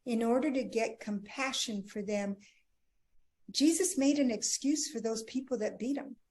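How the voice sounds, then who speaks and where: A middle-aged woman, a marriage coach, telling her personal story earnestly in an interview, often dropping to a hushed tone. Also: a little high, normal speed. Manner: earnest, emotional, drops to a hushed voice at tender moments.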